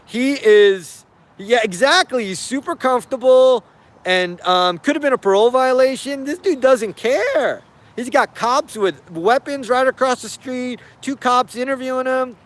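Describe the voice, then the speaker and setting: Animated high-voiced man hosting a stream. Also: measured pace. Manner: animated, laughing, sarcastic, many fillers. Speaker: host. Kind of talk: casual live-stream commentary.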